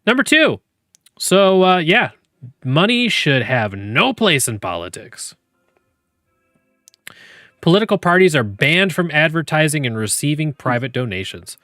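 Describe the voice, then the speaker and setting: A man's voice: on the high side, very animated, unhurried, pauses often, sharp tone, no room sound, studio quality, soft background music. A man hosting a podcast, joking and laughing often as he reads game prompts aloud to his chat. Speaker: podcast host.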